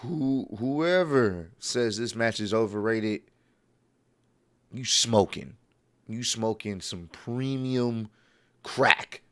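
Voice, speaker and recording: A man's voice: medium pitch, lively intonation, slow pace, pauses often, a bit bright. A man reacting in casual chat, exclamatory, cursing freely and bursting into laughter. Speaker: co-host reacting to wrestling.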